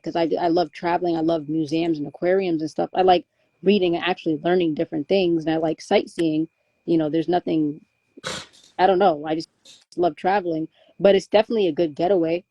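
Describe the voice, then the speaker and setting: A woman's voice: on the low side, no echo, highs cut off. A young woman talking candidly in casual conversation, rambling with many restarts and fillers. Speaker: guest.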